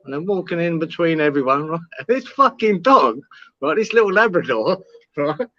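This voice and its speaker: Animated swearing storyteller man. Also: fairly high pitch, moderate pace, no room sound. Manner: animated, swearing, laughing storyteller, acts out quoted lines. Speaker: co-host telling a story. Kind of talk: casual storytelling chat. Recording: dry, dull lo-fi live stream audio.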